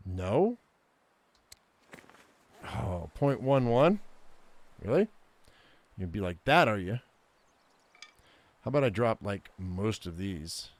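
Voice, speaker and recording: A man's voice: lowish voice, lively intonation, slow, pauses often, a little mellow. A man giving casual gameplay commentary, muttering his thoughts aloud and making chatty asides to viewers.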